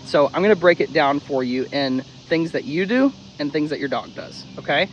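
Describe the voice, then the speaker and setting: A man teaching dog training in a casual, blunt way, his voice sitting a little high. He drills key steps by repeating them and drops the odd swear word. There is faint background noise behind him. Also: animated, normal speed, highs cut off. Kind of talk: casual instructional talk.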